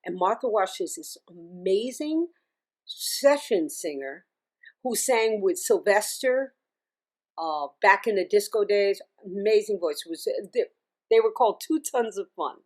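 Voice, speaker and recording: A middle-aged woman chats as an interview guest, spinning a long story with lively ups and downs in pitch. She restarts her sentences and breaks into laughs, sounding relaxed and talkative. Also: unhurried. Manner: chatty and animated, laughs often, restarts sentences. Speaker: singer and music teacher, interview guest.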